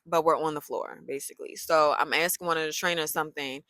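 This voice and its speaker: Sassy, bright-voiced woman telling a story. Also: low-pitched, fast talker, no echo, rough recording. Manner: animated, sassy, loose colloquial talk. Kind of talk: casual storytime vlog.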